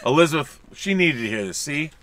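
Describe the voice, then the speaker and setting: A man co-hosting a relaxed movie podcast from a home studio stocked with collectibles jokes freely and reads out viewers' super chats. He talks fairly quickly in an animated, fairly high voice, with crowd noise in the background.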